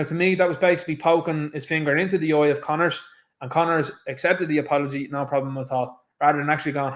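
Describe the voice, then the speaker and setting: Irish male host, somewhat high-pitched, emphatic opinion commentary, mocks others. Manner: emphatic, indignant, mimics others mockingly. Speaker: show host. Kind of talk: opinion commentary on a played clip.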